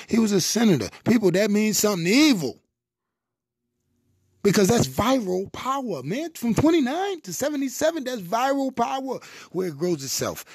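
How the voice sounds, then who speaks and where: High-voiced man preaching spoken-word verse. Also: a little mellow, slightly rough, no echo, studio quality. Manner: rhythmic, preachy, emphatic with repetitions. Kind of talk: spoken-word political poetry.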